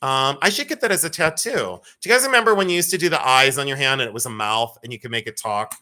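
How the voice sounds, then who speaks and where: A man's voice: mid-range voice, animated, fast talker, bright, forceful tone. A man hosting a live jewelry sale, chatting casually, joking, teasing and laughing often as he greets viewers. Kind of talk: casual live-stream selling chat.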